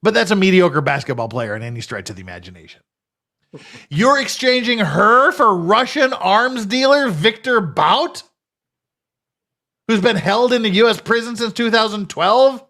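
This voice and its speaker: A man's voice: sits high, big pitch swings, moderate pace, pushed and bright. A man hosting a commentary show, ranting in a profane, sarcastic, scornful way. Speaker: host.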